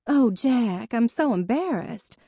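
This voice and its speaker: A woman voicing a fussy, easily flustered older sister with a high, prim, tremulous voice. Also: lively intonation, takes it slowly, dark tone, slightly rough, no room sound, studio quality, exaggerated voice.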